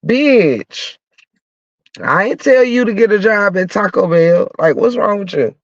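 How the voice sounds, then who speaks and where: Here a man with a high-pitched voice and lively intonation takes his time, ranting bluntly and swearing through a heated story as a podcast host with a cold-stuffed nose. The profane comic rant is recorded dry, in dull lo-fi sound.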